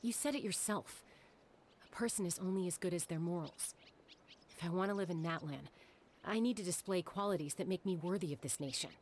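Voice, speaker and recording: An actress voicing a calm, stubborn young woman who answers in a dry, matter-of-fact way in a video game cutscene. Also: lowish voice, brisk, slight background noise, lightly acted.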